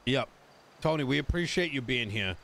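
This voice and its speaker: A man's voice: mid-range voice, expressive, normal speed, sharp tone. A man talking in character over voice chat, blunt and fired-up, swearing freely.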